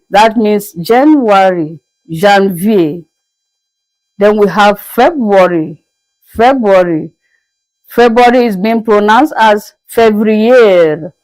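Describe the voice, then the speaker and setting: Slow, patient woman teaching French. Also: on the high side, no echo, low-quality recording. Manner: patient, repeats each word slowly. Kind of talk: slow spoken language lesson.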